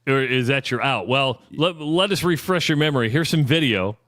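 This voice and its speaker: A man's voice: medium pitch, lively intonation, moderate pace, fairly bright tone, no echo. A man co-hosting a sports radio show, steering the chat with questions in a conversational studio back-and-forth. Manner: questioning, conversational, leading with prompts. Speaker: radio sports talk co-host.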